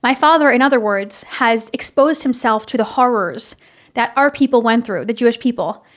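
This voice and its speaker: A young woman hosting a casual, heartfelt podcast, talking earnestly and haltingly, with many restarts and fillers. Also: a little high. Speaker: podcast host. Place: home in Florida.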